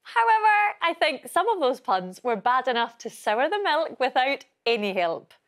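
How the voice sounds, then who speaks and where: A woman hosting a language programme, bright and bilingual. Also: sits high, normal speed. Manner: bright, lively, switching between languages. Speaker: host. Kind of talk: studio presenting.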